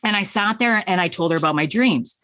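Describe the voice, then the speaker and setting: Middle-aged woman, business coach, heartfelt storytelling, middle pitch, dry close sound. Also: expressive, a little fast, fairly bright tone, dry recording. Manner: earnest, heartfelt, acts out her own past thoughts. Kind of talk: personal storytelling in a podcast interview.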